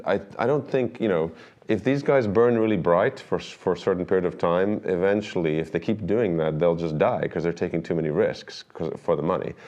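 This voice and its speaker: A middle-aged man, a documentary filmmaker, telling stories in a relaxed interview and acting out the dialogue he quotes. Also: sits low. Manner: animated anecdotes, acts out quoted dialogue. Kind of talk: conversational storytelling interview.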